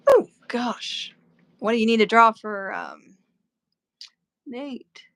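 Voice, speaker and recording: A woman's voice: a little high, huge pitch swings, slow, fairly bright tone. A woman co-hosting a casual chat while painting, telling stories and laughing easily. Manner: chatty storyteller, laughs easily. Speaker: co-host, artist.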